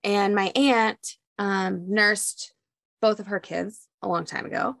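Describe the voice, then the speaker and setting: A young woman tells a personal story in casual talk-show chat, with a gravelly rasp running through her speech. She is animated and jumps into raised voices when quoting people. The sound is dry and close. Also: mid-range voice, slow, no room sound. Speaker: podcast co-host.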